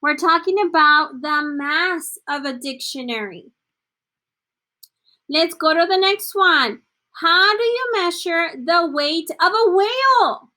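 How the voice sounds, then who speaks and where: Slow, bright-voiced woman teaching a class. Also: very high voice, animated. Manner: encouraging, praising students by name; slips between English and Spanish. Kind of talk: online class lesson.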